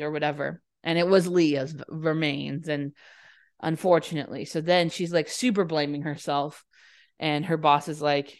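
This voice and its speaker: A young woman chatting casually, retelling a movie plot with lots of laughs and quick acted-out lines. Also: deep voice, steady tone. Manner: giggly, acts out lines in quick voices. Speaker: podcast co-host.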